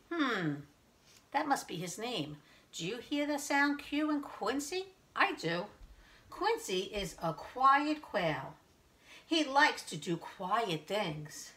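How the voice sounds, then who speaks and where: A woman preschool teacher reading a picture book aloud to young children in slow, sing-song teacher talk, asking them questions. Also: medium pitch, a bit bright.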